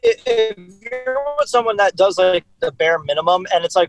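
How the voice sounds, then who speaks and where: A man co-hosting a podcast, joking and tossing in quick mock quotes. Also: sits high, huge pitch swings, vocal fry, soft background music, poor audio. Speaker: podcast co-host. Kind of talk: casual chat.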